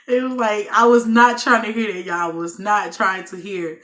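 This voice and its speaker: A woman's voice: medium pitch, unhurried. A young woman, casually telling a personal story in a vlog and acting out what people said. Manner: animated storytelling, acts out her own and others' lines. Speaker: vlogger.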